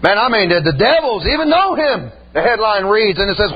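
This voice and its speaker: A very high-pitched, husky male voice, extremely animated and a little fast, delivers a folksy, emphatic church sermon marked by "amen" and "man." The recording sounds muffled, with a faint hum.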